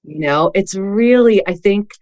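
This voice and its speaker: Woman, podcast host and coach; casual, reflective, quick to laugh. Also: mid-range voice, darkish tone.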